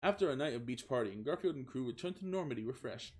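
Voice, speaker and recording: A man's voice: mid-range voice, lively intonation, fast, a little mellow. A young man streaming a comic reading of fan fiction, giggling, stumbling over words and swearing in asides.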